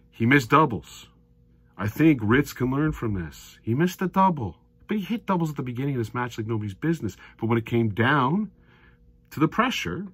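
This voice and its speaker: Heated guy ranting about darts, husky, dry room. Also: no room sound. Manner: heated, ranting, swings from low mutters to loud outbursts. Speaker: darts commentator. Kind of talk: opinionated solo video commentary.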